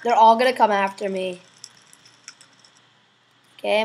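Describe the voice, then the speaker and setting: A woman giving casual, excitable let's-play commentary, swearing freely and breaking into loud sudden exclamations. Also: fairly high pitch, measured pace, long pauses, slight background noise, poor audio. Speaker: gameplay video host.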